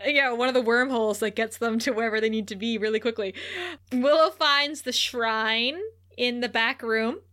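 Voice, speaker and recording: Bright, high-voiced giggly woman podcaster. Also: fairly even intonation, normal speed. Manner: giggly and chatty, laughs often. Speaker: podcast co-host. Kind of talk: casual episode recap chat.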